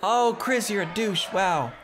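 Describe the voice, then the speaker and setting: A man commentating his own wrestling video game playthrough, joking, shouting at the screen and laughing. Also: high-pitched, lively intonation, a little slow, a crowd in the background, background noise. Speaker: gameplay commentator. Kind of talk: excited gameplay commentary.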